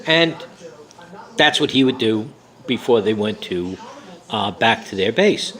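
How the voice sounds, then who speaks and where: A man's voice: lowish voice, expressive, a little slow, a bit bright, low-quality recording. Rambling older man telling a memory. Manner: rambling storytelling with many fillers. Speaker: memoir author. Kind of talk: reading and recounting his memoir.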